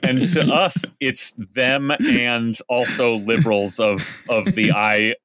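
A man's voice: medium pitch, fairly even intonation, takes it slowly, fairly bright tone, dry recording. A man co-hosting a podcast in casual chat, rambling, swearing and laughing often. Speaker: podcast co-host.

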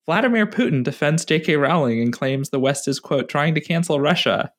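A woman co-hosting a casual political podcast, animated and exasperated, laughing and restarting her sentences. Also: deep voice, fairly quick, very noisy. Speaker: podcast co-host.

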